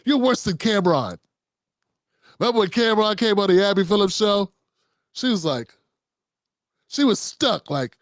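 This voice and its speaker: A man's voice: sits high, expressive, normal speed, pauses often, dry recording, studio quality. A man hosting his own show, giving mocking, profane comedic commentary on media figures. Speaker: host.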